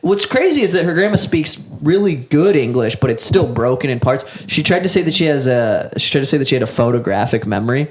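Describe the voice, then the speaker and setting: A man's voice: mid-range voice, lively intonation, fast talker, hardly any pauses. A man co-hosting a comedy podcast in casual chat, cursing a lot, laughing often and slipping into mocking impressions. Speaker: podcast co-host.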